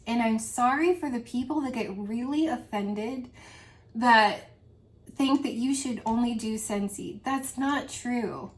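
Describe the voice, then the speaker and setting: A woman vlogger with a grown daughter, talking earnestly and emotionally in a rambling heart-to-heart about selling home fragrance. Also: on the high side. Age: adult with a grown daughter. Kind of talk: casual heart-to-heart monologue.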